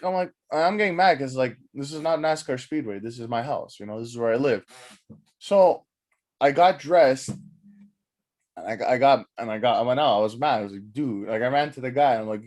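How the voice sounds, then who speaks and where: A young man rambling through a story on his podcast, swearing freely. He is animated and slips into acting out what people said along the way. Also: medium pitch, a little fast. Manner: rambling, profane, animated, acts out quotes. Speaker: podcast host. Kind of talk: casual storytelling monologue.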